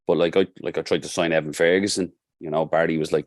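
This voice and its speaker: Deep-voiced Dublin man, earnest. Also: fairly even intonation, fast, dry recording, studio quality. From Ireland. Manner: earnest, heartfelt storytelling. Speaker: guest, football coach. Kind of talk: casual podcast conversation.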